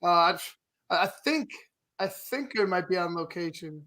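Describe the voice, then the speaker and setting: A man, the show's producer, chatting in a relaxed, rambling way with many fillers. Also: high-pitched, normal speed. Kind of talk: casual sports show chat.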